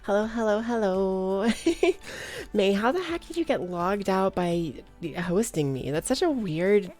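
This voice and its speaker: A woman's voice: mid-range voice, animated, measured pace, a little mellow, faint music behind. Giggly young woman streamer, slight Valley Girl lilt. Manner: bubbly, giggly, greets chat by name. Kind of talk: casual chat with live viewers.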